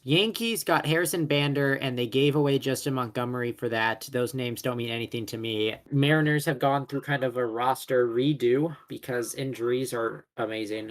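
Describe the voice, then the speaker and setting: Rambling young man chatting sports. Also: medium pitch. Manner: rambling, stumbles on names and corrects himself. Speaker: co-host. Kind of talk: casual sports podcast chat.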